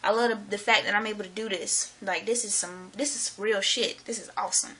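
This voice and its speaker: A woman talking to her camera in a casual vlog monologue, excited and rambling, slangy and swearing freely. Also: medium pitch, a little fast. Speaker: vlogger.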